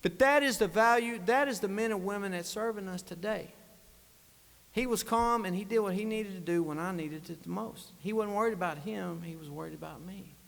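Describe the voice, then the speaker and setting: A man's voice: high voice, brisk, gravelly. A man, a state legislator giving an earnest, emotional farewell speech in a legislative chamber. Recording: long reverb of a large chamber.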